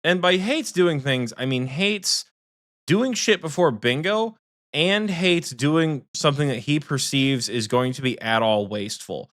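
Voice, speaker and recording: A man co-hosting a podcast who tells a story in a casual, teasing, profane way, often speeding up into quick bursts. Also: mid-range voice, animated, a bit bright, no room sound, studio quality. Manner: rapid bursts of speech. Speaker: podcast co-host.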